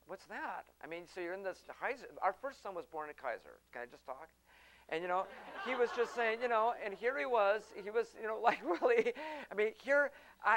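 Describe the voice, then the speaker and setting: A middle-aged man hosting a talk, telling a personal story in an animated way and acting out the people he quotes. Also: sits high, low-quality recording.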